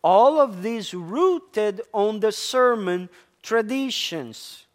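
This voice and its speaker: Preacher, sermon, slow unhurried delivery, emphatic, calls out to the church. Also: mid-range voice, animated. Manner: emphatic, repeats key words, addresses listeners as church. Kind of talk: sermon with questions to the congregation.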